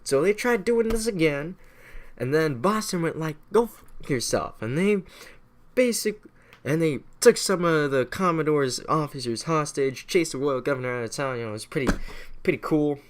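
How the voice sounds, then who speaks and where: A man's voice: on the high side, expressive, moderate pace. Profane, rambling man recapping history. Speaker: history explainer.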